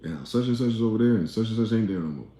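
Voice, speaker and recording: A man's voice: fairly low pitch, lively intonation, racing, warm tone, echoey room. A man from New Jersey hosting a livestream, rambling, profane and ranting as he reads out chat comments. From East Orange, New Jersey. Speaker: livestream host.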